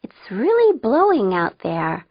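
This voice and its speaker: A woman voicing an excitable, chatty teenage girl in an audiobook. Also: on the high side, slow pace, dry recording, lo-fi sound, voice pushed up, full character voice. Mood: nervous.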